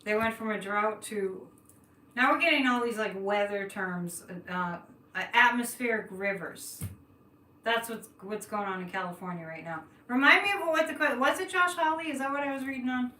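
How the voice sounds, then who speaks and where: A woman's voice: fairly high pitch, normal speed, sharp tone. A woman from the Boston area with a light Boston accent, reading cards on a live stream and chatting with viewers, laughing often and thinking aloud. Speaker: psychic reading cards on a livestream. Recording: echoey room, distant mic, faint noise.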